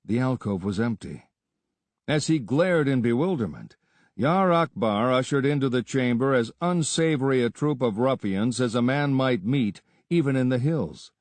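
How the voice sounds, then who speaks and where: A man's voice: medium pitch, no echo. Man narrating an adventure audiobook. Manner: steady, measured storytelling. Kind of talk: scripted narration.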